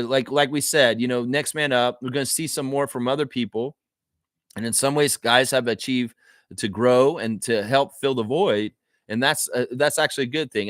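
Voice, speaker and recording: A man in the middle of his range hosts a casual sports livestream, reacting to viewer comments in an animated way. His voice is dry and close, with little room sound. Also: medium pitch, no room sound. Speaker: livestream host.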